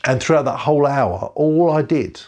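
A man's voice: fairly high pitch, lively intonation, normal speed, a little mellow. A middle-aged man preaching an online sermon from a bedroom at home, earnest and repeating phrases for emphasis. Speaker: pastor.

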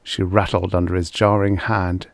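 A man narrating a vintage science fiction short story in a measured, steady way. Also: sits low, vocal fry, no echo. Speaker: audiobook narrator.

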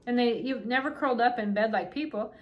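A woman's voice: on the high side, brisk, close to an everyday voice. A woman voicing a curious, eager young girl who asks wondering questions.

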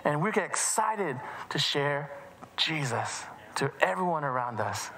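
A man's voice: on the high side, bright, forceful tone, echoey room, big-room sound, a little hiss or hum, low-quality recording. A man telling a children's story in a church service, acting out voices with many restarts.

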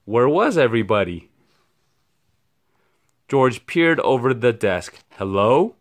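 A man's voice: medium pitch, very animated, slow. Man reading a children's story aloud.

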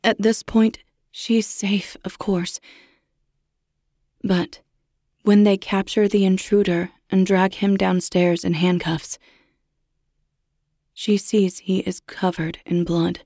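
A woman narrating a horror story in a measured, hushed, suspenseful way. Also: medium pitch, level tone, no room sound, studio quality.

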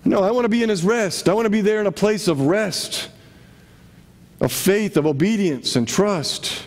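A man's voice: sits high, moderate pace. A man preaching a sermon to his congregation in a conversational way, often asking rhetorical questions. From Connecticut. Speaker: pastor.

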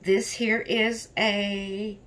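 A woman's voice: mid-range voice, level tone, very slow, a bit bright. A woman hosting a doll vlog in casual chat, tired and yawning, rambling openly about her stress. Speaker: reborn doll channel host.

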